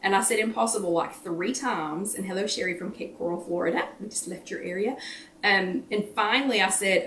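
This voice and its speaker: A woman's voice: mid-range voice, brisk, a bit bright, distant mic, slight background noise. A middle-aged woman hosting a casual live-stream chat from home, chatting and greeting viewers by name as she goes. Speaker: host of a live weekly wellness chat. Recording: roomy echo, speaking from off the mic.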